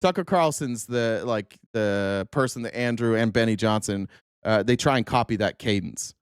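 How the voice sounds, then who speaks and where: A man hosting a casual political commentary show, sarcastic and profane with quick asides. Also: lowish voice, clear, resonant tone, no room sound, studio quality. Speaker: host.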